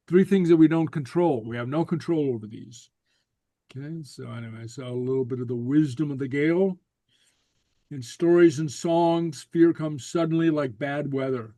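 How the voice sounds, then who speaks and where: A man teaching a Gaelic class over a video call, relaxed and full of fillers and repeated okays. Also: a little high, no room sound.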